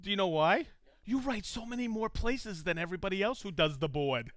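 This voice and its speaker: A man's voice: sits high, a little fast, a bit bright, dry recording. An enthusiastic man hosting a casual live stream, chatting and calling out viewers' locations one after another. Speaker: host of a live tool show.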